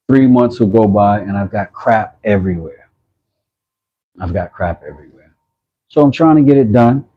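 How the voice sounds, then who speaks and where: A man's voice: on the low side, muffled recording. A man hosting a casual woodworking livestream, rambling and self-mocking as he reads chat messages aloud.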